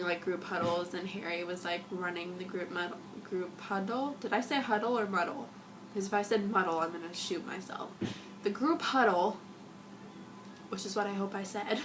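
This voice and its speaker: Giggly and gushing, a young female vlogger wanders through a casual review as a fan, over some background noise. She has a mid-range voice that's somewhat husky, as if she's a little sick.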